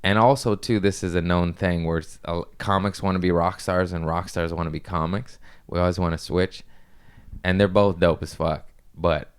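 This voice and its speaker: Comedian, male, deep and clean-toned, loose profane storyteller. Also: fairly even intonation, moderate pace, smooth. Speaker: stand-up comedian. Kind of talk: casual podcast chat.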